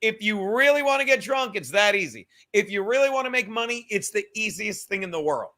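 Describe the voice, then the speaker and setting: A man's voice: high voice, expressive, brisk, hardly any pauses, pushed and bright. A man hosting a live-stream podcast, ranting with heavy swearing and talking straight to commenters. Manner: profane, ranting, talks straight to viewers and commenters. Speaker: podcast host. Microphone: computer mic on a live stream.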